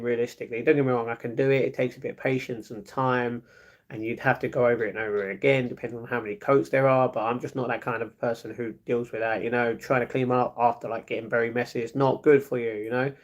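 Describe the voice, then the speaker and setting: Fast-talking young London man. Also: medium pitch. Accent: London English. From England. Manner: fast, chatty, rambling with fillers. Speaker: live streamer. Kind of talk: reading and answering live chat.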